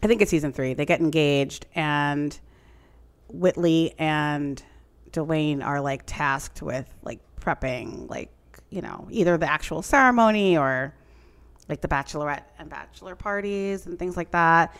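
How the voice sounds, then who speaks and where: Woman, low voice, rambling chatty storyteller, podcast recap. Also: measured pace, smooth. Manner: rambling, animated storytelling with many "like" fillers. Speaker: podcast co-host recapping a TV show. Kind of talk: casual chat.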